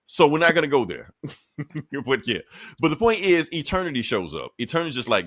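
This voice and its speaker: A man co-hosting a casual podcast, recapping comic books in a loose, profane, joking way. His pitch swings a lot as he tells the story. The sound is dry and close. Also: very animated, fairly bright tone, dry recording. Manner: laid-back, profane, recaps comics with quick put-on quotes. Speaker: podcast co-host. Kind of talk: casual comic book chat.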